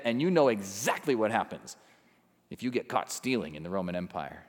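Guy preaching a sermon, goes quiet then punches it up, lots of echo like a big church. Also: fairly high pitch, animated, brisk. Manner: dynamic, swings from hushed to emphatic. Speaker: pastor.

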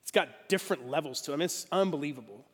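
A middle-aged man preaching a sermon as a pastor, telling stories with self-deprecating humor and lively delivery. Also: a little high, rapid-fire, slightly rough. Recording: long reverb of a big hall.

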